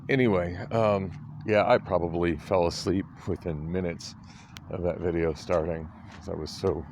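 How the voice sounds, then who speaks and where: A man's voice: deep voice, steady tone, normal speed, a little mellow, slight background noise. A tired, groggy middle-aged man rambling through a casual vlog, hesitant and full of ums and restarts. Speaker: vlogger.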